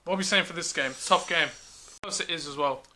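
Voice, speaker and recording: A man hosting a relaxed football prediction chat, steering the talk and pressing his co-host for scores. His voice is very bright and sits slightly above average pitch. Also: fairly quick, slight background noise. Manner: leads the talk, quizzes his co-host, laughs often.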